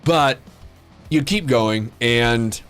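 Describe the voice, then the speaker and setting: A man narrates a tabletop game as its game master, describing rooms and calling for rolls. His voice sits at an average pitch, and he often restarts his phrases. Faint music plays underneath. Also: drawn-out words, fairly bright tone, clean tone.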